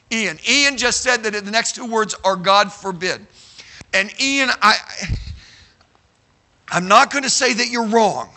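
Teaching a sermon before a live crowd, this man has a high voice and an animated, emphatic delivery. He's a Bible teacher who keeps asking "okay?" of the room and occasionally shouts a phrase to drive it home.

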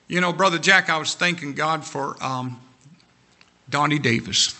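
A man preaching to his congregation with fervent, repetitive urging. His voice is gravelly and sits a little high. The tone is sharply bright. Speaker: pastor. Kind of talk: sermon.

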